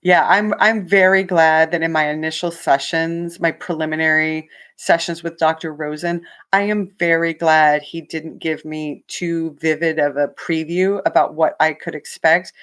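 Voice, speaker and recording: A woman guest with a lowish voice speaks frankly and openly in a radio interview. She tells her story with animation and drops into quoted dialogue as she goes. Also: fairly even intonation, moderate pace, hardly any pauses, a bit bright. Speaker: author guest.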